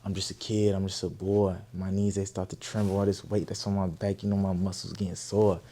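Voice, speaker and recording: Young bay guy, real low voice, telling his story all animated and cussing a lot. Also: fairly quick. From Oakland, California. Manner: animated, profane, emphatic storytelling. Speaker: guest artist. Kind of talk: storytelling interview.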